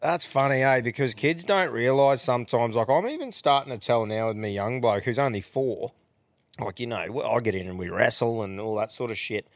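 A man's voice: medium pitch, animated, moderate pace, dry recording. An Australian man in his thirties co-hosting a podcast, chatting in a laid-back, blokey way and swearing freely. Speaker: podcast co-host. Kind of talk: casual banter.

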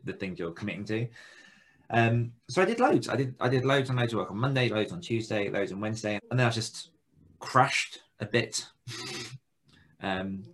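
A man's voice: on the low side, a bit bright, slightly rough. A man hosting a podcast, chatting casually in a jokey, teasing, rambling way. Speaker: podcast host. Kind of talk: casual chat.

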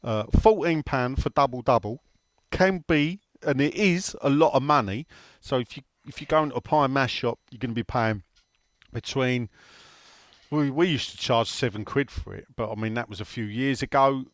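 A man's voice: mid-range voice, normal speed, no room sound. A man co-hosting a casual podcast, teasing his co-host and reading out listener questions. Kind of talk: casual chat.

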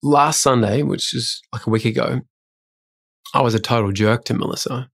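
A man's voice: medium pitch, moderate pace, vocal fry, a bit bright. A man co-hosting a podcast, telling stories in a casual, self-deprecating way. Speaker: podcast co-host. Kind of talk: casual conversation.

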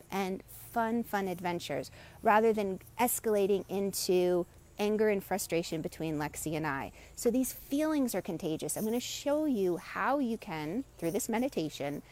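Gentle woman leading a meditation. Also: mid-range voice. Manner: gentle, inviting, unhurried guidance. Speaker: meditation teacher. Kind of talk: live-streamed guided meditation talk.

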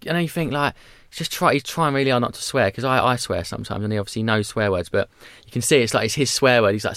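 A man's voice: medium pitch, no echo, studio quality. A man in his thirties, chatting candidly as a podcast guest and acting out little voices as he tells stories. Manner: animated storyteller, quick, acts out voices. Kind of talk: candid conversational chat.

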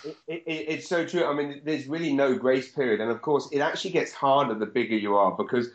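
Animated male comedian, dull lo-fi sound. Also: mid-range voice, brisk. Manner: animated storyteller, swears freely. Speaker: stand-up comedian. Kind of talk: casual chat.

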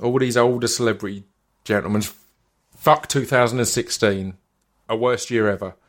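A man's voice: medium pitch, steady tone, moderate pace. A man, hosting a podcast and telling a story in casual, sweary chat with stammered restarts. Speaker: podcast host.

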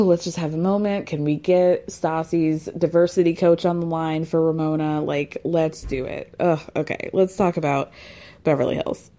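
A woman's voice: deep voice, mellow. A woman hosting a podcast and recapping reality TV in a chatty, wry way, acting out what the cast says. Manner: chatty and wry, acts out the cast's lines. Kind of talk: casual recap commentary.

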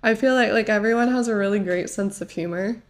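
A woman's voice: medium pitch, fairly quick. Young woman from the us, chatty, lots of "like", podcast guest in a pub. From United States. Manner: chatty, lots of "like" and self-corrections. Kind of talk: casual podcast interview.

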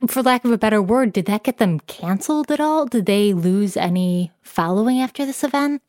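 A woman co-host chats with wry curiosity and asks pointed questions. Her voice is mid-pitched and sounds dry on the close studio mic. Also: lively intonation, fairly quick, a little mellow, no room sound. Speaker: podcast co-host. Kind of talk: casual chat.

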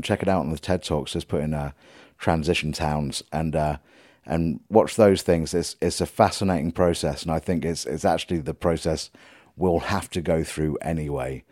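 A man's voice: low-pitched, darkish tone, no echo, studio quality. A middle-aged man from England hosting a podcast, talking casually with many ums, restarts and self-deprecating jokes. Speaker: podcast host and musician. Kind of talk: casual rambling monologue.

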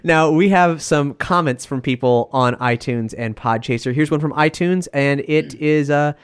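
A man's voice: a little high, moderate pace, smooth, dry recording. Chatty male podcast host, dry sound. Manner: chatty, reads out listener reviews and plugs. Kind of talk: casual podcast chat.

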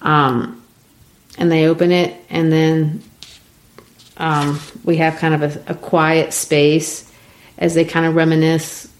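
A woman with a slightly low voice walks through a stage play in a lesson. She explains at an easy conversational pace, pausing on fillers as she thinks. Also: flat delivery, slight background noise. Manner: thoughtful, explaining with many fillers. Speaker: literature teacher. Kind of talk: discussing and reading a play aloud.

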